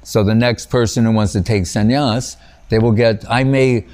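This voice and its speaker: A man's voice: mid-range voice, fairly even intonation, moderate pace, darkish tone. Man giving a rambling anecdotal talk. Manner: rambling and anecdotal, frequent "you know", breaks off and restarts; chuckles at his own stories. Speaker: spiritual teacher. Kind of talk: informal spiritual talk.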